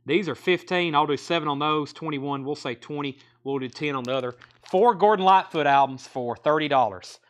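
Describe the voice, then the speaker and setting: A man's voice: fairly high pitch, fairly bright tone. Chatty Southern US man selling records. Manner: rattles off album titles and prices, chatty asides. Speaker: host of a live online record sale. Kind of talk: casual live-stream sales patter.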